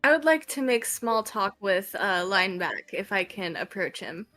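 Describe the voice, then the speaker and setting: A woman's voice: mid-range voice, lively intonation, moderate pace, sharp tone, soft background music. A woman playing a tabletop role-play game, speaking hesitantly with many ums while describing her character's actions. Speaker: player.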